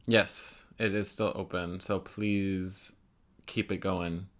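A man co-hosting a casual podcast from his apartment, animated and laughing often. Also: sits low, slow pace. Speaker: podcast co-host.

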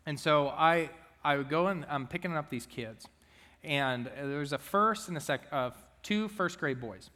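A man's voice: a little high, unhurried, sharp tone, big-room sound. A young man and student minister giving a chatty, joking sermon to his church. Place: church sanctuary.

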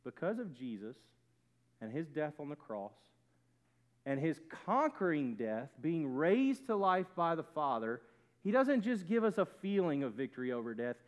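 Preacher, male, slightly high-pitched, emphatic sermon delivery with loud swells and soft drops. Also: very animated, normal speed. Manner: emphatic, swelling to loud peaks then dropping quiet. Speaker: pastor.

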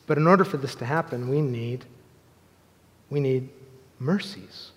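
A pastor in his thirties preaching a sermon, moving between loud, emphatic appeals and soft, hushed storytelling. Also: mid-range voice, a little slow, pauses often. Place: church sanctuary. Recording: long hall reverb.

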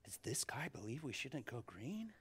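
A male pastor preaching a sermon to his church, fervent and shifting between shouts and hushed asides. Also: mid-range voice, big pitch swings, moderate pace, husky. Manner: fervent, swings from shouting to near whispers. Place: church sanctuary.

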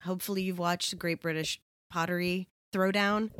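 A woman with a somewhat low voice, chatting casually and telling animated stories full of fillers and restarts. The recording is dry and close, with no room sound. She talks the way a regular podcast co-host does. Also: normal speed, clean tone, dry recording. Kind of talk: casual chat.

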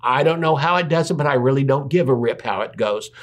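A man's voice: medium pitch, quick pace. A man preaching a sermon, making his points with rhetorical questions and repetition and reading scripture aloud in between.

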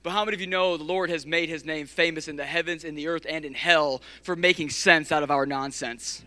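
A man in his thirties preaching an impassioned sermon, swinging from loud urgency to hushed, near-whispered passages. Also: on the high side, fairly even intonation, brisk. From Michigan. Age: 30s. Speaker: pastor.

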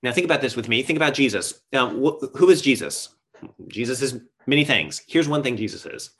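A man's voice: mid-range voice, expressive, a little fast, fairly bright tone, slightly rough. A man preaching a sermon as pastor, earnest and emphatic, asking rhetorical questions and shifting his pace.

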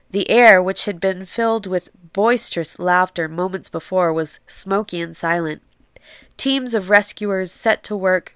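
A woman's voice: medium pitch, fairly bright tone, clean tone, no echo, studio quality. A woman podcast host who is sick and sounds nasal and congested, chatting briefly and then reading a narrative passage aloud.

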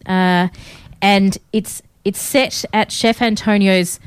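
A woman's voice: mid-range voice, fairly even intonation, slow pace, smooth, no echo. A woman, co-hosting a show in casual, upbeat chat with many fillers. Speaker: radio co-host.

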